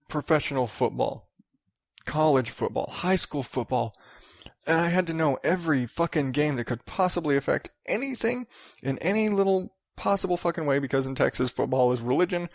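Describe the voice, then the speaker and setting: A man's voice: medium pitch, gravelly, no room sound, studio quality. A man in his thirties hosting a solo podcast, ranting and rambling with lots of swearing. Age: 30s. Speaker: podcast host.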